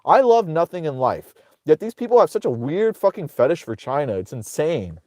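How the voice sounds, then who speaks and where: Man, higher voice, dry close sound, sarcastic profane host ranting off the cuff. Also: very animated, moderate pace, darkish tone, no room sound. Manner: sarcastic, profane, rambling with many restarts. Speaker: political commentator host. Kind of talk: casual ranting livestream commentary.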